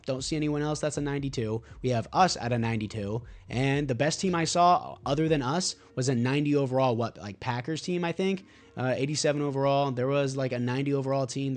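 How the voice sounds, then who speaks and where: A young man commentating a sports video game, ranting in frustration and repeating his complaints. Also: fairly high pitch. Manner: ranting, exasperated, repetitive. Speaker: gaming YouTuber.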